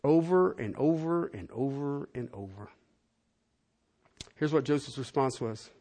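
A man preaching a sermon as a pastor, swinging from loud, rising proclamation to a hushed, soft prayer, in a church hall. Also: medium pitch, animated, a little slow.

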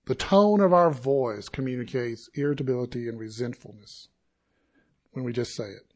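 A man preaching a sermon to his congregation, slow and deliberate, with dramatic pauses and sudden rises in intensity. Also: mid-range voice, darkish tone. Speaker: pastor.

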